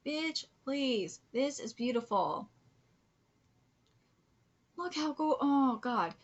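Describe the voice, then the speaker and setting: A woman streaming a live manga reaction, gushing, cursing freely and often dropping into breathy whispers. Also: high voice, lively intonation, extremely slow, dull audio. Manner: gushing, swears a lot, drops into whispers.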